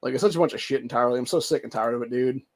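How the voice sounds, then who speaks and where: A man's voice: medium pitch, racing. A young man from Ohio hosting a show, reading news aloud and ranting heatedly with constant profanity and "dude.". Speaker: show host.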